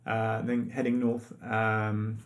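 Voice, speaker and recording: A man's voice: fairly low pitch, monotone, slow. A man co-hosting a casual quiz night stream, chatty and self-mocking, rambling through facts. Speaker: quiz co-host. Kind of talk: casual live-stream chat.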